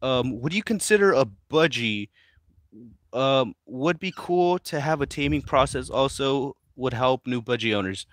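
Chill dude reading chat on a phone stream, mid pitch, dry close sound. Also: male voice, expressive, a little slow, no echo. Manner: laid-back, mumbly, talks to his pets. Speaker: livestream host reading chat. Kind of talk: casual livestream chat.

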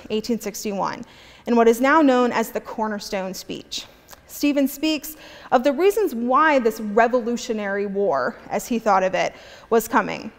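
Woman, curator, scripted history presentation, reads quotes aloud, somewhat high voice, echoing hall. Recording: long hall reverb.

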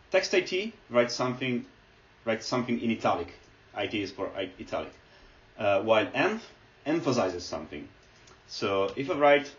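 A man's voice: fairly low pitch, slight background noise. A man giving a screen-recorded lecture, explaining step by step with many fillers as he types. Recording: echoey, distant, dull lo-fi.

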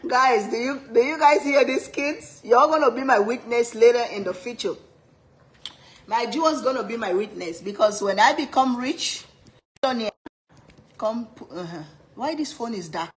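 Animated woman lecturing in an echoey kitchen. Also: fairly high pitch, moderate pace. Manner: animated, half-joking lecturing with many repeats. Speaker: cooking vlogger and mother. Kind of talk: casual family chat to camera. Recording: echoey room, faint background noise.

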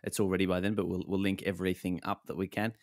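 Deep-voiced podcast host, chill questions, super dry close sound. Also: male voice, fast, no echo. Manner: relaxed, easygoing questioner. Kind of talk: casual chat.

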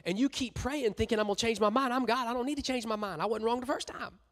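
A man's voice: extremely high pitch, fast talker, pitched above the performer's own voice. A man playing a chatty, exasperated God. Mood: insistent. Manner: breezy, incredulous, loud and emphatic. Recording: long reverb in a church hall.

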